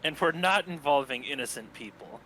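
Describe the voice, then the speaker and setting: A man's voice: medium pitch, expressive, fairly quick, sharp tone, a little hiss or hum, poor audio. A man playing a tabletop role-playing game, making dry, blunt remarks. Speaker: player. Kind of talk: casual tabletop play.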